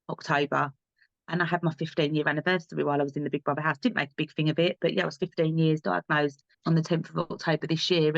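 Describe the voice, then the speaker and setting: A woman's voice: deep voice, no echo, muffled recording. A young adult woman from England, speaking as a podcast guest in candid interview talk, earnest and driven, repeating herself for emphasis.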